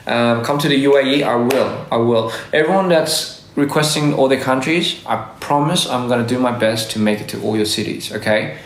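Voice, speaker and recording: A man's voice: mid-range voice, normal speed, hardly any pauses. A man chatting loosely on a phone livestream, rambling and restarting often. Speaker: livestream host. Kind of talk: casual livestream chat. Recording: roomy echo.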